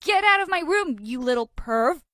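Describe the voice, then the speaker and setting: A woman voicing a cocky, bullying teenage twin brother in an animated story. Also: sits high, normal speed, dry recording, studio quality, voice pushed up. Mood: taunting. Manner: taunting, cocky.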